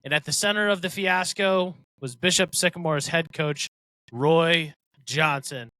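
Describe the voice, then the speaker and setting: A man's voice: fairly high pitch, unhurried, bright, forceful tone, dry recording. A man co-hosting a casual podcast, chatting, laughing often and reading a synopsis aloud. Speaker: podcast co-host. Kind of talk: casual chat.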